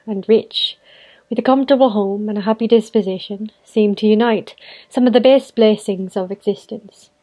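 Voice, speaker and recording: A woman's voice: medium pitch, dark tone, natural voice. A young woman reading a classic novel aloud in a put-on Irish accent, evenly, like a storybook reading.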